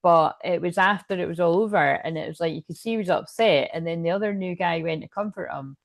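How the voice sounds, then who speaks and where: Woman, tarot reader, rambling chatty delivery, low-ish voice, gravelly fry. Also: fast talker, no echo, studio quality. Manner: chatty, meandering, frequent fillers and asides. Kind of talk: casual rambling tarot reading.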